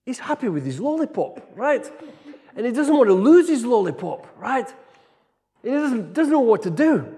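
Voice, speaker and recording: Male preacher, middle-aged, light high voice, lively anecdotal sermon, long hall reverb. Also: normal speed. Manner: animated storytelling, keeps tagging "right?". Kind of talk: storytelling sermon.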